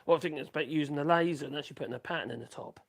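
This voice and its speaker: A man's voice: on the high side, very fast, gravelly. A man rambling casually to viewers, muttering asides to himself as he works in his workshop. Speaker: woodworking livestream host. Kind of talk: casual chat while working.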